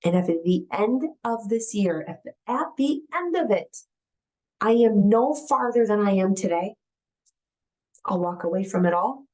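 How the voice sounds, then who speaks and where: A woman's voice: mid-range voice, expressive, a little slow, warm tone. A woman giving an earnest, emphatic personal talk as a guest speaker, repeating her key phrases and acting out the voices in the dialogues she recounts.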